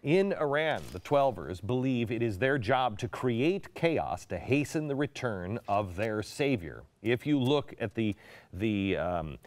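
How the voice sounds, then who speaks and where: A middle-aged man hosting a political monologue show, dramatic, dropping to a hush and then rising to hammer his points. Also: mid-range voice, sing-song, a little slow. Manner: dramatic, swings between hushed and emphatic. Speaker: host.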